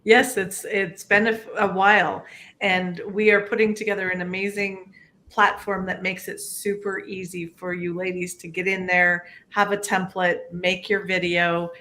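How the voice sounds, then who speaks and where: A woman's voice: mid-range voice, flat delivery, a little slow, bright, forceful tone. A woman on a video call, talking in an upbeat, promotional way about a project. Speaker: guest entrepreneur. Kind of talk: casual chat.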